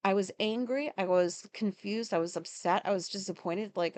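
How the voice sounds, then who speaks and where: A woman's voice: medium pitch, moderate pace, darkish tone, dry recording. A woman hosting a podcast, talking through her day in a rambling, casual monologue full of fillers and swearing. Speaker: podcast host.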